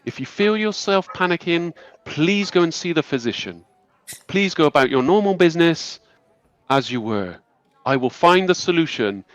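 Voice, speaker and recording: A man voicing a graceful, authoritative high elf woman who soothes a crowd in a formal, reassuring manner. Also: animated, moderate pace, no room sound, natural voice. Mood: soothing.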